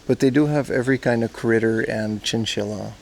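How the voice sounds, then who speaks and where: A man's voice: medium pitch, brisk, vocal fry, a little hiss or hum. A man from Aruba joking and swearing as he chats to viewers on a casual outdoor livestream. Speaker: streamer. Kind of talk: casual IRL livestream chat. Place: outdoors at a zoo park.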